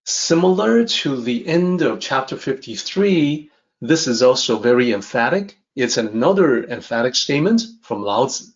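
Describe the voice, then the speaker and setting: A man teaching a lesson on a classic text, calmly repeating and rephrasing each idea. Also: mid-range voice, lo-fi sound. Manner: measured, repeats and rephrases ideas. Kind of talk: calm explanatory lesson.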